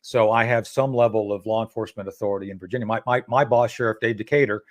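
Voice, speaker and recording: A man speaking as an interview guest, telling a story in a casual, animated way, acting out the dialogue and restarting his sentences often. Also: on the low side, fast talker.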